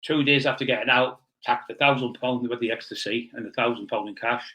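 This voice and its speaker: A man as an interview guest, telling rough stories bluntly and swearing freely. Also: mid-range voice, steady tone, a little fast, sharp tone, low-quality recording. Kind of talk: blunt storytelling in a casual interview.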